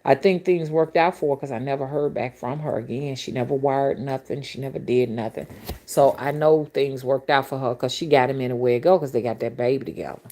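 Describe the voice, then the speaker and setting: Low-voiced woman telling blunt stories. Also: brisk, dark tone. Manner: blunt, colorful, exclamatory storytelling with asides to viewers. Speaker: rootworker and spiritual reader. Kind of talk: casual storytelling to camera.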